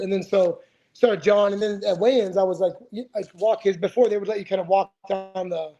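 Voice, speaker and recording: A man's voice: high voice, steady tone, fairly quick, warm tone, highs cut off, faint music behind. A man in his forties, a retired fighter, telling stories as a podcast guest in a rambling, profane way, full of restarts. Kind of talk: casual storytelling interview.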